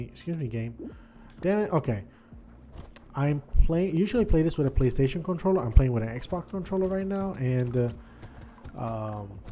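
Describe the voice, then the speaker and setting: A man giving casual gameplay commentary, thinking aloud and swinging between quiet muttering and frustrated outbursts. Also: medium pitch, a little hiss or hum. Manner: thinks aloud, repeats words and restarts. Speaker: gaming video host.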